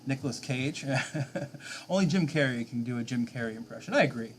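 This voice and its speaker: A man's voice: mid-range voice, animated, a little fast, slight background noise. A man streaming a game live late at night, rambling casually and answering viewers' chat.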